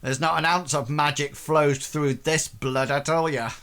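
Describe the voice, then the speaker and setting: A man's voice: on the high side, steady tone, measured pace, a bit bright, clear, resonant tone. A man voicing a chatty humble quartermaster. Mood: friendly.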